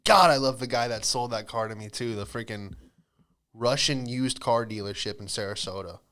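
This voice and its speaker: A man's voice: medium pitch, normal speed, a bit bright, clear, resonant tone. Man, podcast host, comedic rambling, profane, loose delivery. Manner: profane, loose, self-interrupting.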